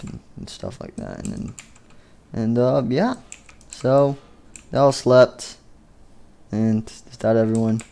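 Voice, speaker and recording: Rambling man with a mellow voice. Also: mid-range voice, lively intonation, measured pace, gravelly, pauses often, clear, resonant tone. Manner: rambling, fillers like "and stuff". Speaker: video creator. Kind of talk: casual game machinima narration.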